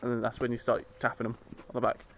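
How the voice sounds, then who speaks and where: A man's voice: medium pitch, completely flat delivery, fast talker, vocal fry. A young man, vlogging casually into his phone, rambling and swearing as he tells a story. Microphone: handheld phone. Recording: noisy street recording on a phone.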